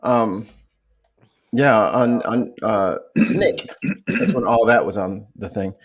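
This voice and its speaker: A man from St. Louis co-hosting a podcast, playful and quick to laugh in casual chat. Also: lowish voice. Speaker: podcast co-host.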